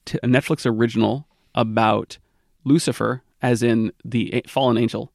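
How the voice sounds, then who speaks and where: A man's voice: medium pitch, steady tone, normal speed, vocal fry, darkish tone, dry recording, clean studio sound. A middle-aged man hosting a podcast, chatting casually and joking around. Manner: playful, joking. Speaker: podcast host. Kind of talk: casual chat.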